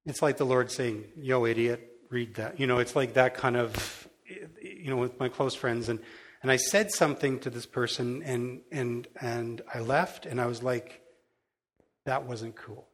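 Brief: middle-aged male pastor, mid-pitched voice, loose storytelling sermon with frequent restarts. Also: normal speed. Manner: self-deprecating and candid. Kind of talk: conversational sermon.

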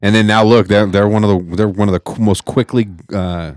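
A man's voice: fairly low pitch, fairly even intonation, fairly quick, a little mellow, clean tone, no echo, studio quality. A man hosting a casual podcast chat, rambling and swearing as he trips over his words. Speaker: podcast host. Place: home podcast studio.

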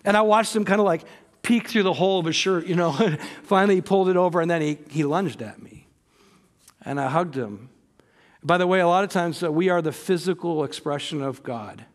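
A man's voice: a little high, brisk. A man in his forties preaching a sermon, telling family stories in an earnest way that rises to emphatic peaks. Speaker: pastor.

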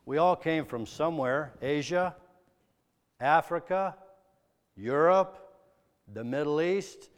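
A preacher from the American Midwest giving a sermon, asking probing, earnest rhetorical questions. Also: male voice, fairly high pitch, takes it slowly, pauses often, smooth, long reverb tail.

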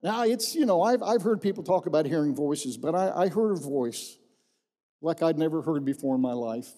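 A man's voice: fairly high pitch, lively intonation, normal speed, mellow. A middle-aged man, a pastor, giving his personal testimony as a folksy storyteller who repeats phrases for emphasis. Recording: long reverb in a large hall.

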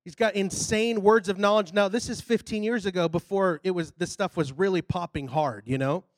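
A man preaching a sermon in a church, telling a story in a casual, animated way and building up to loud, shouted exhortations. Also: sits high, normal speed, dry recording.

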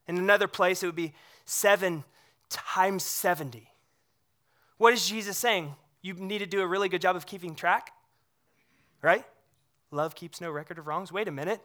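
Pastor giving a sermon, bright tense voice, chatty, keeps asking the room "right?". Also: mid-range voice, moderate pace, long pauses. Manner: conversational, checks in with the congregation using rhetorical questions.

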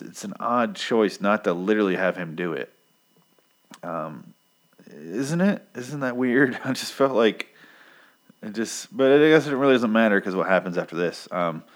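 Man, very low voice, casual profane recap vlogger, rambling delivery. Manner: rambling, profane, lots of ums. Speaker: comic book recap vlogger.

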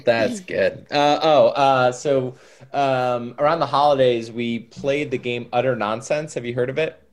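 A man's voice: mid-range voice, fairly even intonation, unhurried. A man guest in a casual chat, telling a funny story with fillers and laughter.

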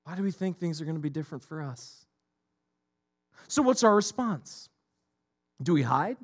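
A man's voice: fairly high pitch, big pitch swings, moderate pace, husky. A middle-aged man preaching a sermon as a pastor, emphatic and repetitive in his delivery.

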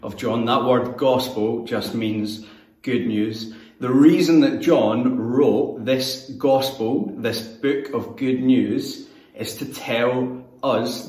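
Scottish man preaching in an echoey church. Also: medium pitch. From Scotland. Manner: conversational, relaxed, self-deprecating. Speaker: church youth leader. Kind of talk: sermon. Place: church hall. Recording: echoey room, mic at a distance.

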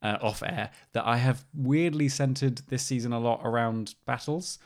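A man's voice: mid-range voice, moderate pace. A young man co-hosting a podcast, chatting casually and rambling a little, often laughing. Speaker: podcast co-host. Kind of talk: casual chat.

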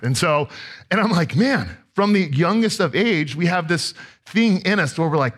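A man in his forties preaching a sermon in a church, shifting between quiet, low prayer and lively storytelling that climbs high. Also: brisk. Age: 40s. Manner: animated storytelling, voice rising high for quoted shouts; drops low and soft for prayer and solemn points. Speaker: pastor. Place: church sanctuary.

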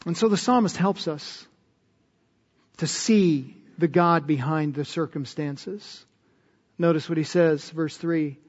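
A man's voice: fairly high pitch, unhurried, darkish tone, long reverb tail, dull audio. A man preaching a sermon as pastor, earnest and emphatic, often putting questions to his listeners.

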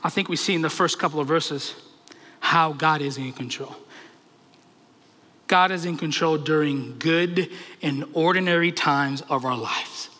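Man, pastor, impassioned sermon, high bright voice, long hall reverb. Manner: impassioned, asks rapid rhetorical questions.

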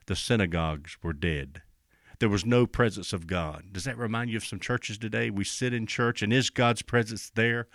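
A middle-aged man preaching a sermon, rising in pitch and slowing down whenever he quotes scripture. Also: fairly bright tone, no echo, clean studio sound. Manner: rises in pitch and slows down when quoting scripture.

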